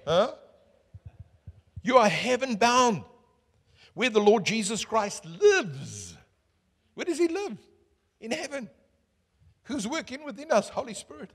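A man preaching a sermon as pastor, swinging from booming calls to hushed asides and asking the crowd questions. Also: very animated, takes it slowly, pauses often, husky. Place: church hall. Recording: echoey church hall.

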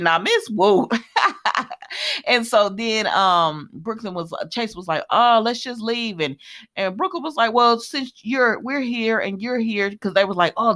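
A woman's voice: mid-range voice, fairly bright tone. A woman casually recapping a soap opera episode, chatty and colloquial, adding her own running commentary and talking to viewers as y'all. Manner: chatty, retells scenes with running commentary and laughs.

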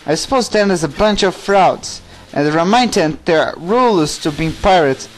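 A man's voice: on the high side, lively intonation, moderate pace, faint music behind, close to an everyday voice. A man voicing a bossy young female pirate captain for a game playthrough, commanding and impatient. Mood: dismissive.

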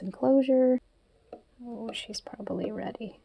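A woman vlogging about her pet tarantula, talking softly and breathlessly with lots of fillers. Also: mid-range voice, fairly even intonation, measured pace. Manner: breathless and emotional, soft-spoken with frequent fillers. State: out of breath from excitement. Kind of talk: excited casual vlog narration.

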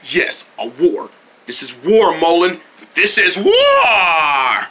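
A performer voicing a new male owl in pants who is gruff and picks a fight, speaking slowly and low in a blustery way. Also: expressive, bright, forceful tone, exaggerated voice. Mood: belligerent.

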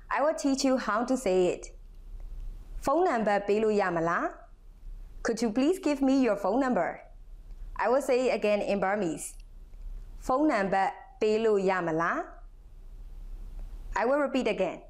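A young woman teaching a language lesson, saying each word slowly and repeating it for learners to copy. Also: a little high, a little mellow. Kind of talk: slow, patient language lesson.

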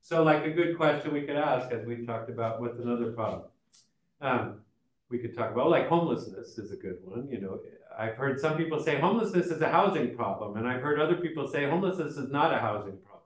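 A man's voice: medium pitch, lively intonation, fast talker. Man teaching a college sociology class, chatty and searching for words, heard from a distance in a reverberant room. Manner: conversational, many fillers and restarts. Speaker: sociology lecturer. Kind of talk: recorded college lecture. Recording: echoey room, mic at a distance.

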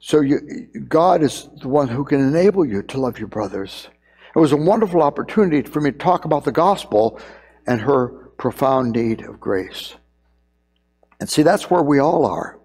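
A man's voice: mid-range voice, lively intonation, normal speed, darkish tone. A middle-aged man preaching in a church sanctuary, his mid-range voice carrying a long reverb off the hall. He talks earnestly and drives points home with repeated phrases. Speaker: pastor. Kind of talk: sermon.

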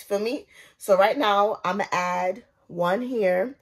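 A young woman talks straight to her viewers, slangy and chatty, while she does her hair at home. Her voice is husky and a little breathy, at an ordinary pitch. She is filming herself on a phone propped up nearby. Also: a little slow. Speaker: beauty vlogger. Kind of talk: casual chat while doing her hair.

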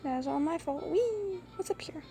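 High-voiced young woman playing a game. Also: steady tone, fast, soft background music. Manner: rambling, giggly, hushed to keep quiet. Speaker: gameplay streamer. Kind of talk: casual gameplay commentary. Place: bedroom at home late at night. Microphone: phone screen recorder.

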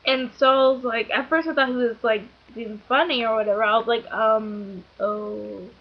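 A young woman chats on in a rambling, giggly way, full of "like" and "you know," her voice sitting a little high. The sound is dull and lo-fi, as from an old webcam mic. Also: steady tone, moderate pace. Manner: rambling, filler-heavy, giggly. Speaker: vlogger. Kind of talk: casual storytelling.

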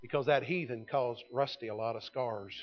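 A man, preaching a sermon in a folksy storytelling way that swings from loud to hushed. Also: mid-range voice, moderate pace, dull audio. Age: 50s. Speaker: pastor. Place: church sanctuary.

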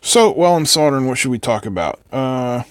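A man's voice: mid-range voice, lively intonation, fairly quick, smooth. An older man hosting a live electronics build who chats casually and rambles, answering viewers between soldering steps. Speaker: host of an electronics build stream. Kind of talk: casual chat while soldering.

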